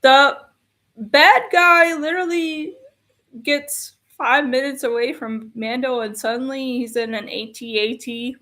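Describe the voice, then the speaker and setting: A woman's voice: high voice, a little slow, bright, forceful tone. A woman giving an exasperated, ranting film review, repeating her complaints in a casual tone.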